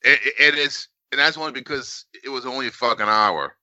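Male podcast co-host, very bright and sharp tone, blunt and profane. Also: mid-range voice, brisk, no room sound, highs cut off. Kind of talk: casual podcast banter.

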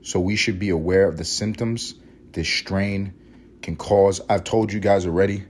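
A man's voice: low-pitched, steady tone, normal speed, slight background noise. A young man hosting a solo podcast while sick with a cold, sniffly and congested, ranting in a sarcastic, profane, casual way. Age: young adult. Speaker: podcast host.

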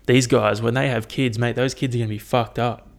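A man's voice: medium pitch, fairly even intonation, a little fast, vocal fry. A young man hosting a casual solo podcast, rambling and swearing with lots of fillers. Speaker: podcast host.

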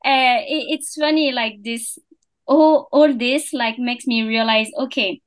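Young French woman, guest in a casual interview; slow, halting delivery full of fillers. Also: fairly high pitch, steady tone. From France. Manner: hesitant, many fillers and restarts. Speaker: podcast founder, guest.

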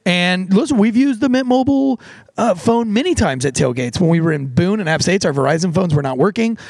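A man's voice: high voice, animated, darkish tone, dry recording. A middle-aged man hosting a podcast, chatting casually with rambling asides and plenty of swearing. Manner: profane, rambling, quick asides. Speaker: podcast host. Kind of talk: casual podcast chat with a host-read ad.

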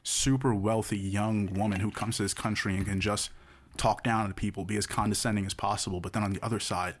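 A man's voice: lowish voice, fairly even intonation, brisk, slight background noise. A man co-hosting a podcast in casual chat, telling a story at length and checking in with "right?". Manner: rambling storyteller, tags lines with "right?". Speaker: podcast co-host.

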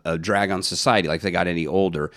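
A man's voice: sits low, steady tone, quick pace, a bit bright, dry recording, studio quality. A man co-hosting a podcast in casual chat, rambling and searching for names with lots of fillers. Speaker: podcast co-host.

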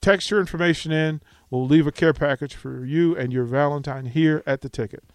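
Excitable male sports radio host. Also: on the high side, fairly quick, no echo. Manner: animated, excitable storyteller. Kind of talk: casual storytelling chat. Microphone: studio microphone.

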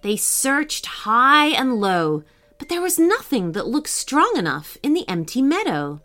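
A woman narrating a children's story in an expressive reading. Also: high voice, measured pace. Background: faint music.

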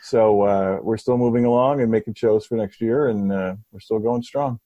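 A middle-aged man, a comedy writer, telling an anecdote in a lively, halting way full of restarts over a video call. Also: on the low side, no echo, muffled recording. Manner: animated, halting storyteller with many restarts. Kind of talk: casual storytelling.

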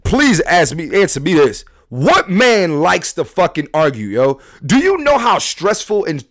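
A middle-aged man hosting a casual podcast, telling stories and acting out the people he quotes with sudden loud jumps. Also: very animated, measured pace, no room sound, studio quality. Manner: storytelling, acts out quotes with big pitch jumps and shouts. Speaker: podcast host.

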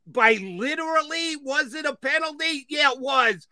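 A man's voice: very high voice, normal speed, dry recording. A middle-aged man hosting a sports talk show, ranting and getting worked up over referee calls. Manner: animated, gets worked up, ranting. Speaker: sports radio host.

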